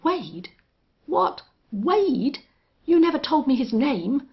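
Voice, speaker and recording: A woman voicing a rough, frightened male rustler leader who shouts huskily. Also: high-pitched, big pitch swings, takes it slowly, voice pushed up, exaggerated voice. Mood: shouting. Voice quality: husky, shouting. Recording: dull lo-fi audio.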